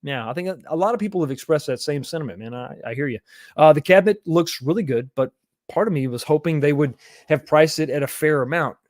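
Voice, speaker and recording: Reading out his chat during a live stream, this man replies to viewers casually and reassuringly, addressing them as buddy. He talks fast in a voice on the high side, and the audio is studio quality with no room sound.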